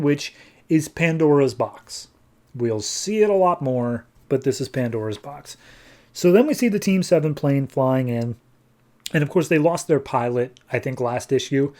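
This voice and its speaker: A man's voice: on the high side, lively intonation, normal speed, mellow. A man hosting a podcast, recapping a comic book in a chatty, loose way with lots of fillers. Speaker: podcast host. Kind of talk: casual comic book review.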